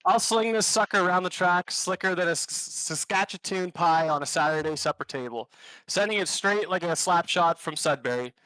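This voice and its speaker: A man's voice: high voice, normal speed, bright, forceful tone, smooth, dry recording, rough recording. A Canadian man giving a comic, alliterative trash-talk intro as a league racer. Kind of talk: scripted comic hype intro.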